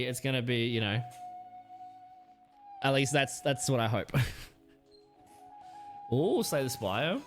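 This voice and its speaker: Joking male streamer. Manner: joking banter with chat, animated swings in pitch. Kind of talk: casual live-stream chat.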